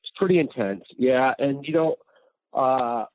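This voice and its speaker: A man talking casually as a guest chef, telling stories in a lively way and acting out quotes. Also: medium pitch, a little slow, no room sound, narrow, tinny audio. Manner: animated storyteller, acts out quotes. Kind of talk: casual chat.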